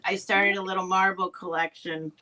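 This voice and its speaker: A woman's voice: mid-range voice, flat delivery, normal speed, a crowd in the background, low-quality recording. An older woman hosting a live stream, chatting casually and thinking aloud. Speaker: host.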